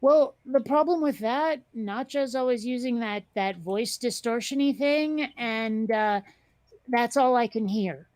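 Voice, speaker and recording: Chatty rambling woman host, higher voice. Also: a little slow, a little mellow, dry recording. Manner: chatty, rambling, many fillers and restarts. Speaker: podcast host. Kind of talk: casual chat.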